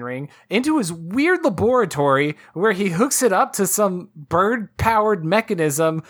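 A young adult woman co-hosting a podcast in casual chat, ranting about a film with animated sarcasm. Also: medium pitch, a little slow, hardly any pauses. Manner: animated, sarcastic, joking rants. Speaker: podcast co-host.

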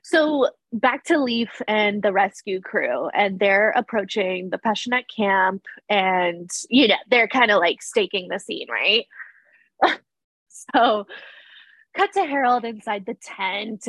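A young woman chats through a TV recap in a loose, giggly way, filling her sentences with "like." Her voice sits at a middle pitch and sounds close and dry, with no room around it. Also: lively intonation, slow, fairly bright tone, dry recording. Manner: chatty, laughs often, fillers like "like". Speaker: podcast co-host recapping a TV episode. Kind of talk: casual chat.

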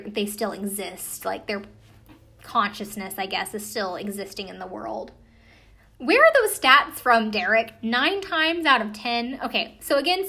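A woman's voice: mid-range voice, a bit bright. Young American woman, casual skeptical recap, dry sarcasm, chatty fillers. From United States. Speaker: commentator recapping a ghost-hunting show. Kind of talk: casual chat.

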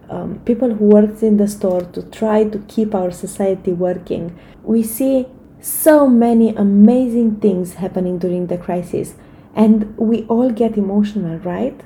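A woman's voice: medium pitch, warm tone, slight background noise, low-quality recording. A woman in her thirties giving an earnest, encouraging motivational talk to camera, with frequent fillers and restarts. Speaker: vlogger giving life advice.

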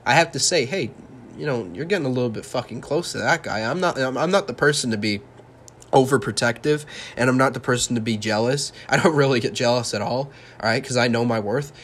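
A man's voice: mid-range voice, fairly quick, fairly bright tone, slightly rough. A young man hosting a solo podcast, ranting heatedly and sarcastically, swearing a lot. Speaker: podcast host.

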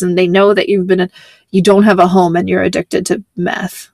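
A woman's voice: medium pitch, steady tone, brisk, no room sound. A woman hosting a casual podcast, rambling through a show recap, laughing often and swearing casually. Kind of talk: casual chat.

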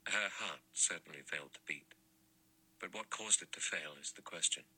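A man voices a dry, cautious doctor, deep and husky with a bright edge, measured in every word. A storybook reading. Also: exaggerated voice, low-quality recording.

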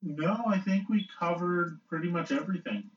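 A man's voice: high voice, normal speed. Earnest young male co-host. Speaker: podcast co-host. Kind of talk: casual chat. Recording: distant, dull-sounding mic.

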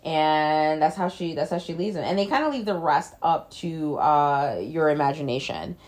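Brief: a chatty woman with a lowish voice, casually recapping a film, blunt and full of fillers. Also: expressive, moderate pace, a little mellow. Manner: chatty, loose, lots of "like" fillers, blunt swearing. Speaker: film reviewer.

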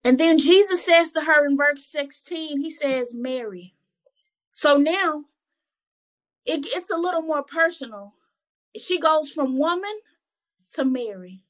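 This Bible study co-host's voice sits high, with lively intonation and a measured pace. Reading scripture and reflecting on it in an earnest, conversational manner, she tends to repeat words as she pulls her thoughts together.

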